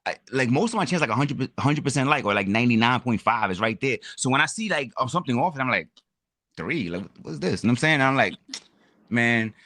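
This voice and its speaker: A man chatting casually as a guest creator on a toy livestream, animated and full of "my brother" and "you know what I'm saying". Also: mid-range voice, fast, no room sound, clean studio sound.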